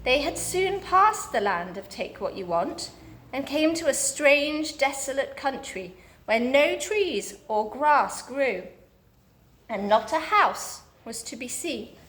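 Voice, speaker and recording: A woman reading a children's book aloud, steady and expressive. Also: high-pitched, slow. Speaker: storybook reader.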